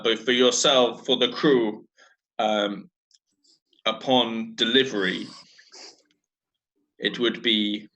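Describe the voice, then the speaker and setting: A man doing a pompous booming Hutt lord. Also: bright, forceful tone, poor audio. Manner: slow, grand, booming laugh. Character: pompous lounging male Hutt crime lord.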